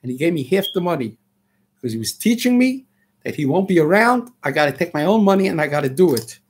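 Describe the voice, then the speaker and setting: Older New radio host, high-pitched and husky, frustrated and ranting, drops Yiddish terms. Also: male voice, sing-song, fast talker. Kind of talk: impassioned radio monologue.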